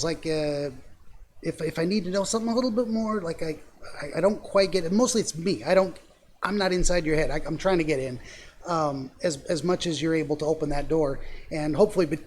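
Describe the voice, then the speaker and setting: A man's voice: a little high, fairly quick, slight background noise. A man hosting a podcast interview, asking probing follow-up questions with frequent restarts and stammers. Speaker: podcast host interviewing a dreamer. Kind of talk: casual interview.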